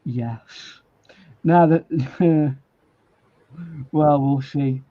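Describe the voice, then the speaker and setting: A man's voice: on the high side, drawn-out words, muffled recording. A man with a Yorkshire accent giving a live watercolor demonstration, joking and rambling as he paints. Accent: Yorkshire English. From Yorkshire, England. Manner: jokey, rambling, laughs often. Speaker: guest artist demonstrating watercolor. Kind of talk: live painting demo chat.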